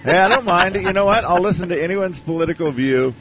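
A man's voice: sits high, lively intonation, fast talker. A man co-hosting a radio charity drive, teasing and upbeat in casual banter. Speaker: radio host.

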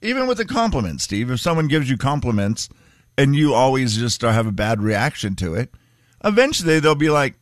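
A man's voice: medium pitch, big pitch swings, a little fast, no echo, clean studio sound. A man co-hosting a radio show, playful and teasing, who grew up in eastern Washington. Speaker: radio co-host. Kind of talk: casual radio banter.

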